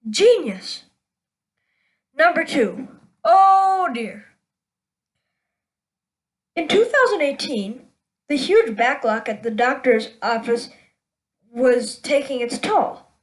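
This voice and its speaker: A woman's voice: high voice, lively intonation, takes it slowly, pauses often, low-quality recording. A woman hosting her own show, telling a string of jokes and laughing at her own punchlines. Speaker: show host.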